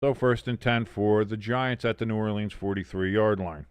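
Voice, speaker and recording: The football stream host's fairly low voice sounds clear and resonant, with fairly even intonation and a moderate pace, recorded dry. He narrates plays, reads chat aloud, and cracks sardonic, profanity-laden jokes.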